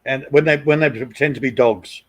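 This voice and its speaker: A man's voice: mid-range voice, a little fast. A middle-aged man with an Australian accent, telling long rambling stories at home and swearing freely on a live stream. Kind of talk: casual storytelling.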